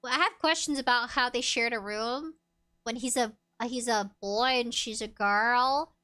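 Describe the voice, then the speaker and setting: A woman's voice: fairly high pitch, a little slow, sharp tone, clean tone. A young woman streaming a game, chatting casually and giggling as she reads chat aloud.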